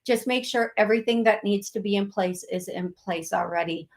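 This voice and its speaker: A woman's voice: mid-range voice, normal speed. A woman hosting a live call-in show as a psychic medium, talking in a chatty, emotional and rambling way.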